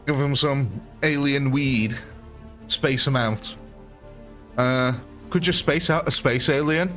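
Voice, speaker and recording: A man's voice: medium pitch, slow, fairly bright tone. A man hosting a live gameplay stream, chatting casually and joking with viewers as he commentates. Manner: chatty, jokey, reads out viewer names. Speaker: livestream host. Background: game music.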